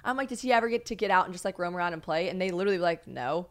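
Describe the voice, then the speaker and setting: A woman hosting a podcast, chatting casually and telling stories with lively acted-out exchanges. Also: fairly low pitch, racing. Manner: animated storytelling, acting out both sides of a scene. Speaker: podcast host. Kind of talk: casual chat.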